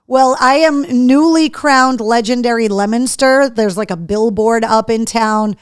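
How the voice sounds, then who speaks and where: A middle-aged woman hosts a live home-studio show in loose, casual chat, reading out viewers' comments as they come in. Her voice sits a little high, and the sound is dry and close to the mic. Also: a little slow, clear, resonant tone, no room sound. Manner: chatty, reads viewer comments aloud. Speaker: host.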